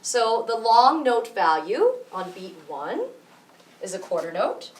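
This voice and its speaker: A woman music teacher explaining rhythm slowly and patiently, counting beats out loud. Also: fairly high pitch, sing-song, far from the mic, a little hiss or hum. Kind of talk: rhythm tutorial with counting aloud. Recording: echoey room, voice from off mic.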